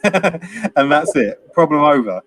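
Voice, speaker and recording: Guy rambling thru a movie recap, laughs a lot, voice a bit on the high side. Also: lively intonation, measured pace. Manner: rambling, laughing, acts out quotes. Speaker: podcast co-host. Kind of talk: casual film review chat.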